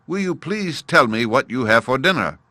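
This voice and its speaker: A man voicing a curious, very polite young elephant calf, talking high and earnest. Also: animated, normal speed, bright, forceful tone, dry recording. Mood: politely curious.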